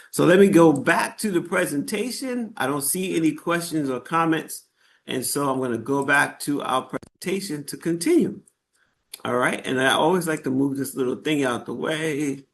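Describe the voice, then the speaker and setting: A man's voice: a little high, creaky, slight background noise. A man teaching a live online workshop in a conversational way, often checking in with his listeners and using fillers as he goes. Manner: conversational, checks in with "right?" and "okay?"; frequent fillers and restarts. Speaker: workshop instructor.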